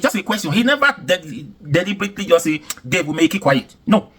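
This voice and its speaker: Nigerian male vlogger, fired-up rant, slightly high and husky voice. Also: sing-song, quick pace, a bit bright. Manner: indignant, emphatic, repetitive ranting. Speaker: commentary vlogger. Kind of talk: heated reaction commentary.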